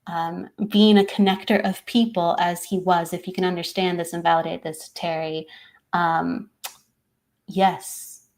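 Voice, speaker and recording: A woman's voice: on the low side, little pitch movement, unhurried, darkish tone. A woman who works as a psychic medium, co-hosting a live-stream show in a casual, chatty way, now and then tripping over her words and laughing at herself.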